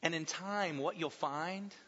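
A man preaching a sermon as pastor, emphatic, dropping soft and slow when he quotes. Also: a little high, in a large hall, highs cut off.

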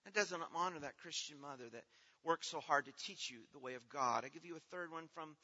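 Bright-voiced man preaching in a reverberant hall. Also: fairly high pitch, brisk. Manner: earnest, swings from hushed to loud and pleading. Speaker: pastor. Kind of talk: sermon. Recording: dull sound with long hall reverb.

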